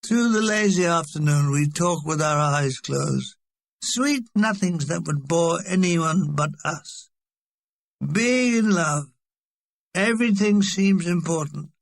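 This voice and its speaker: Creaky-voiced man reading a wry memoir. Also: on the high side, fairly bright tone, no room sound. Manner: wry, dry comic delivery. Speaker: audiobook reader.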